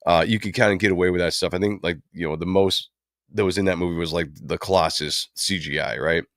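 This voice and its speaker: He talks fast in a low voice with fairly even intonation, hosting a livestream of loose, lengthy comic book film commentary full of fillers. The audio is studio quality, with no room sound at all.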